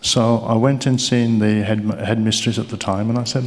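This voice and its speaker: A man's voice: lowish voice, little pitch movement, normal speed. An older man with a Brummie accent giving a keynote speech, telling stories and joking with the crowd. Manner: chatty storytelling, joking with the crowd. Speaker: keynote speaker. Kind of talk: anecdotal speech. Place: large awards event hall. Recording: long reverb of a large hall.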